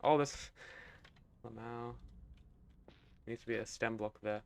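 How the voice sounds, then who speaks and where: A young man streaming a building game, thinking aloud in a relaxed, mumbly way, trailing off and swearing casually. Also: mid-range voice, slow, gravelly.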